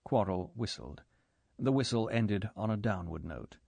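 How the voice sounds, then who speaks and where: Low-voiced male audiobook narrator. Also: lively intonation, unhurried, gravelly, mellow, slightly rough, dry recording. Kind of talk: scripted narration.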